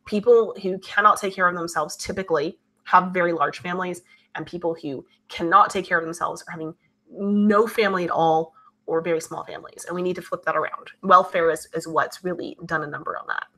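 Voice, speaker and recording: A woman hosts a casual live stream with a bright, forceful tone that sits a little low in pitch. She reads her viewers' comments aloud and answers them in a loose, chatty way. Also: fairly even intonation, a little fast. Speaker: livestream host reading viewer chat.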